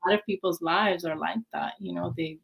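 A woman's voice: on the low side, steady tone, fairly quick, vocal fry, breathy edge, dull audio. A woman, a ballet dancer, chatting as an interview guest and acting out her own past reactions with lots of fillers. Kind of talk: casual interview storytelling.

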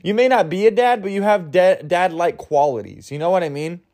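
Man, solo podcast host, crude jokes, self-mocking, rambling, slightly high voice. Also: expressive, brisk, a little mellow. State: groggy from waking early. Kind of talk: solo comedy podcast chat.

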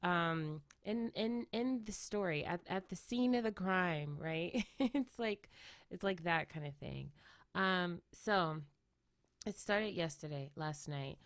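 Low-voiced woman telling a rambling story. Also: expressive, takes it slowly, no echo, clean studio sound. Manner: rambling, many "like" and "right?" tag questions; reflective, laughs often. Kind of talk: casual personal storytelling.

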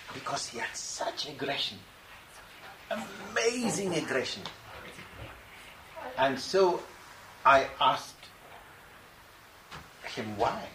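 A man, a spiritual teacher, telling a story to a gathering and acting out the voices in it. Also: mid-range voice. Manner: animated, acts out quoted dialogue. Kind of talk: storytelling answer to a question. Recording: echoey room, distant mic, noisy ambience.

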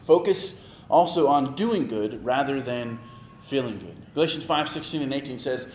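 A man preaching a sermon in a conversational, joking style, quoting scripture and getting lively as he makes his points. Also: medium pitch, moderate pace, roomy sound, a little hiss or hum. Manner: conversational, jokey, animated preaching. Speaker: pastor.

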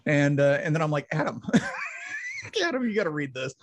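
A man, likely in his forties, co-hosting a casual chat, animated and quick to laugh loudly. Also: on the high side, slight background noise. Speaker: podcast co-host.

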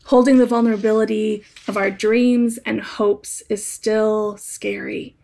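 A woman giving a gentle, thoughtful, conversational reflection on scripture, like a spoken essay. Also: mid-range voice, level tone, unhurried, gravelly.

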